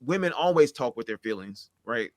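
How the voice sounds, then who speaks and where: A man's voice: medium pitch, animated, a little fast, no room sound, studio quality. A middle-aged man talking candidly and at length, rambling and acting out the conversations he recounts. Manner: rambling, earnest, acts out quoted exchanges. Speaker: podcast guest.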